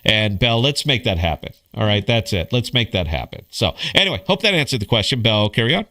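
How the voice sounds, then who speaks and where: A man's voice: on the low side, very animated, a little fast, bright, forceful tone. A middle-aged man hosting a casual livestream podcast, laid-back and swearing, calling people bro and dude. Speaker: podcast host.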